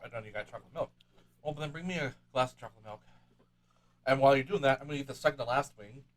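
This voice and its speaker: Male podcast host, casual, loud groans and exclamations between lines. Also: mid-range voice, quick pace. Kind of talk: casual chat.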